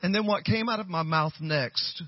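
A man, telling stories from the pulpit and rising to loud, high-pitched peaks. His voice sits a little high for a man and sounds husky and dry. The recording is dull and muffled. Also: moderate pace, no room sound. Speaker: guest pastor. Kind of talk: storytelling sermon.

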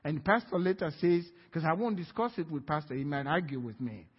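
Guy preaching in church, husky kinda high voice, long echo off the room. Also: fairly quick. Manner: storytelling, swings from quiet to loud. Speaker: guest preacher. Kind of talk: sermon. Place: church sanctuary. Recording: dull, reverberant church hall.

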